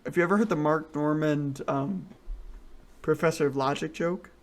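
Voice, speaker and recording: Speaking at a moderate pace in a fairly high, steady voice, a man co-hosts a laid-back podcast. He chats and meanders through crude jokes, with lots of restarts.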